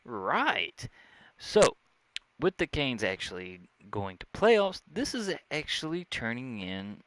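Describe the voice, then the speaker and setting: A man's voice: medium pitch, sing-song, slow pace, a bit bright, slight background noise. A man with a Southern US accent, hosting his own vlog and chatting casually to camera in a joking, rambling way. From Southern United States. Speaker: vlog host. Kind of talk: casual sports chat to camera. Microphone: own desk microphone.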